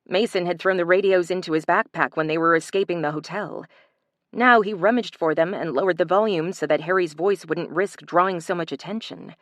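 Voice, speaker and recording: A woman narrating a thriller audiobook in an even, measured reading style. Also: on the low side, no room sound, studio quality. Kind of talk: scripted narration.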